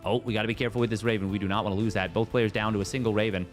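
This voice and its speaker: A man casting a strategy game tournament on his own, jokey and excitable, riffing between plays. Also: lowish voice, racing, faint music behind. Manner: jokey, excitable, riffs and sing-songs. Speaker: esports caster. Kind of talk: solo game commentary.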